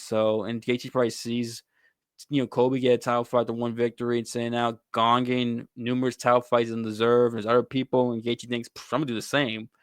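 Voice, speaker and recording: A man's voice: mid-range voice, fairly bright tone, clean tone, dry recording, clean studio sound. A man hosting a casual sports talk show, giving blunt, opinionated takes on fighters and often calling people "bro". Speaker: host.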